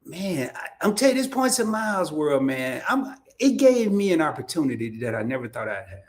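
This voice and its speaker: A man's voice: on the high side, a little fast. A man from Arkansas, hosting a casual livestream and telling stories with laughs and lots of restarts. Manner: animated storytelling with laughs and repeated restarts. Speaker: host.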